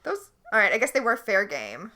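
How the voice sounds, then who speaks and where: A woman's voice: mid-range voice, huge pitch swings, brisk, bright, forceful tone. A woman co-hosting a podcast, animatedly and enthusiastically recapping a TV episode in casual chat. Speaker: podcast co-host.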